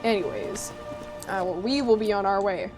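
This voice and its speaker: A woman with a medium-pitched, somewhat dark voice talks at a moderate pace while livestreaming a game. She chats casually and playfully teases her viewers, bantering with chat as game music plays underneath.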